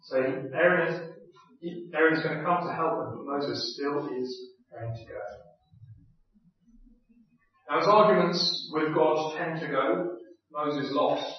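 Man, sermon, fairly high voice, booming echo, distant mic. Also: normal speed. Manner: animated, acts out quotes, repeats key points. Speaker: preacher. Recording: very echoey, distant, dull sound.

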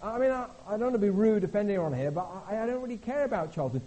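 A middle-aged man preaching an animated, conversational sermon, swinging from hushed asides to loud exclamations. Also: high-pitched, rapid-fire, hardly any pauses, low-quality recording. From Britain. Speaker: visiting preacher.

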